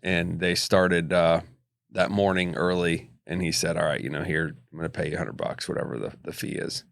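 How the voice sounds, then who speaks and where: A man co-hosting a casual faith podcast, retelling a story haltingly with many restarts. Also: low-pitched, fairly even intonation, gravelly, no room sound, studio quality. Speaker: podcast co-host.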